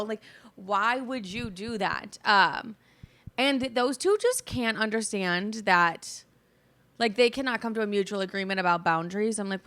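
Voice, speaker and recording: A woman's voice: medium pitch, moderate pace, fairly bright tone. A young woman hosting her podcast, rambling through a casual rant full of fillers and swearing, talking around a sore jaw. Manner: chatty, rambling, filler-heavy, swears freely. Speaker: podcast host. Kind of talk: casual ranting monologue.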